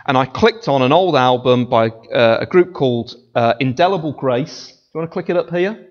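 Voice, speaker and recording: Animated preacher in an echoing church. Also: male voice, mid-range voice, normal speed. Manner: animated, playful, breaks into sung snippets and mimicry. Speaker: pastor. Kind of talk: sermon. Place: church sanctuary. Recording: dull lo-fi sound in a large reverberant church hall.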